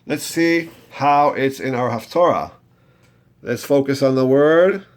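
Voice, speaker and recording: A man's voice: mid-range voice, unhurried. A man teaching a step-by-step chanting lesson, patiently talking learners through each step and having them repeat after him. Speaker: Torah reading teacher.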